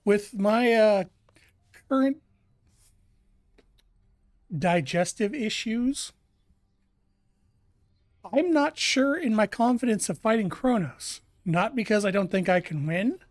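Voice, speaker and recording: A game streamer rambles through live commentary, often restarting sentences and breaking into laughter. The voice sits at a middling pitch. The recording is dry and close, with no room sound. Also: animated, slow, pauses often, no echo.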